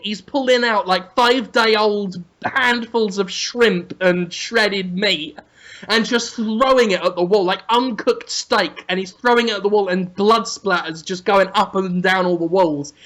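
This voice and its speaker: A man co-hosting a comedy podcast, telling an absurd, crude story in an animated way. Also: sits high. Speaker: podcast co-host.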